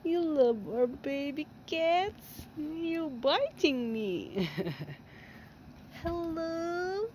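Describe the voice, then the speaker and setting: A woman filming her cats at home, talking to them in slow, cooing baby talk and laughing often. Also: very high voice, lively intonation, a little mellow, lo-fi sound, slight background noise. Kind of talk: casual baby talk to kittens. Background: kittens meowing.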